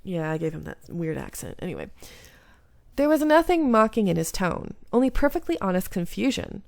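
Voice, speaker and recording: A woman's voice: medium pitch, big pitch swings, fairly quick, vocal fry, darkish tone, no echo. Woman YouTuber narrating a visual novel, dry close mic, chatty asides. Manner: narrates in first person, breaks off to comment. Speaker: gaming YouTuber. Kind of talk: reading a visual novel aloud.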